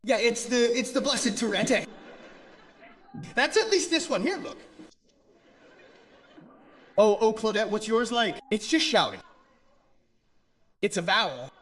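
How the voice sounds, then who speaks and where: A man from Brazil working the crowd at a stand-up show. His voice sits very high and bright, and it swings widely as he teases people and laughs along with them. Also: takes it slowly, long pauses. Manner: teasing, animated, laughing often. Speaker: stand-up comedian. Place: comedy stage before an audience.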